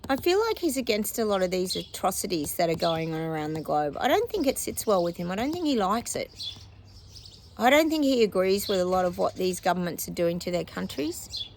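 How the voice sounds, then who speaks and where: A woman's voice: on the low side, big pitch swings, brisk, creaky, a little hiss or hum. A woman with an Australian accent, a psychic chatting casually to her viewers in a meandering way, laughing often and drawing words out. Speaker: psychic giving predictions. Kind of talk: casual rambling monologue to viewers.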